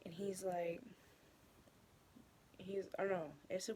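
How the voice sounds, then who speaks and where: A woman's voice: mid-range voice, fairly quick, warm tone, a little hiss or hum. A young woman chatting casually in her bedroom, telling a rambling story, swearing often and sometimes dropping into a whisper. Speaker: vlogger.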